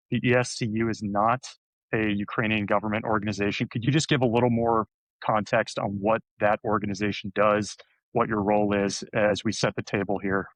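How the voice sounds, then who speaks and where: A man's voice: on the low side, fairly bright tone, dry recording, rough recording. A man co-hosting a podcast who asks questions in an earnest, friendly way. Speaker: podcast co-host. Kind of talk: casual podcast chat. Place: Europe, joining remotely.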